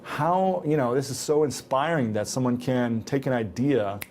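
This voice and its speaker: Host: young man, mid-pitched, earnest and affirming, faint background noise. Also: moderate pace, darkish tone. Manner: earnest, frequent back-channel agreement. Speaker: interviewer, host. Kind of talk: casual interview talk.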